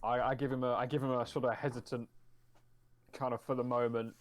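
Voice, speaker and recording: A man's voice: mid-range voice, little pitch movement, fairly quick, a little hiss or hum. A man playing a tabletop game over a call, hesitant and restarting as he describes his moves. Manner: hesitant, restarts a lot when describing actions. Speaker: player.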